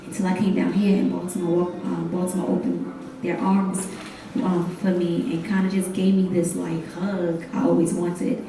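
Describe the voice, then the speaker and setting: A young woman performing spoken word poetry on a live stage, speaking in rhythmic refrains and leading call-and-response, rising into intense, loud gasps and cries. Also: fairly low pitch, flat delivery, moderate pace, vocal fry, music in the background. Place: hotel event stage, live audience. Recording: very echoey room, voice from far off.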